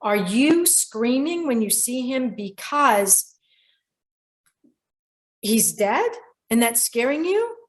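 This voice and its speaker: A middle-aged woman hosting a show about dreams, telling a client's story in a lively way and quoting people directly. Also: a little high, slow pace, long pauses. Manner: animated storyteller who quotes people directly. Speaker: radio show host and dream interpreter. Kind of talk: storytelling monologue.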